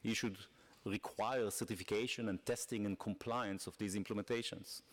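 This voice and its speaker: Industry guy on a panel, emphatic, kinda low voice. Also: fairly even intonation, moderate pace. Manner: emphatic, persuasive. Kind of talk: conference talk.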